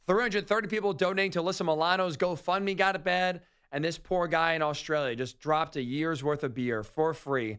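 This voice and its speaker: A man's voice: fairly high pitch, fairly even intonation, brisk, few pauses, a bit bright, smooth. A man hosting a sports talk radio show, telling stories with incredulous, ranting energy.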